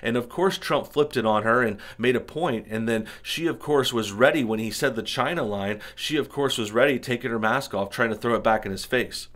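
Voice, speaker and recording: A man with a mid-range, slightly bright voice hosts an opinionated political commentary show over news clips. Talking fairly quickly with few pauses, he fires off indignant rhetorical questions one after another.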